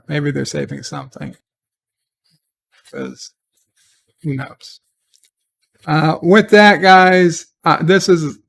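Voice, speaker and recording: A man talks through his review of a TV episode in a gravelly voice pitched a little above the usual. He takes his time and sounds exasperated, circling back and restarting his sentences as he goes. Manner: exasperated, rambling, with repeated restarts. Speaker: TV show reviewer. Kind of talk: casual spoken review.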